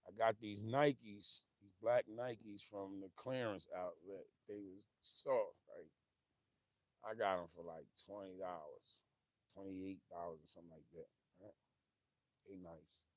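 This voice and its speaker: Reading viewer comments, this livestream host rambles animatedly, frequently losing track and breaking into laughter. He speaks low at a measured pace, and the recording is dry.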